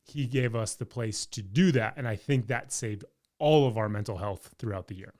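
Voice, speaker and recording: A man's voice: fairly low pitch, moderate pace, darkish tone. A man co-hosting a podcast in casual chat, earnest one moment and joking the next. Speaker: podcast co-host.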